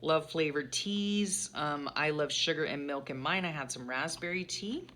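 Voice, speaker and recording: A middle-aged woman rambling casually through her journal pages at home, often pausing to recall what happened. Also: low-pitched, a bit bright, slight background noise. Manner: chatty, rambling, pauses to recall. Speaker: journaling vlogger.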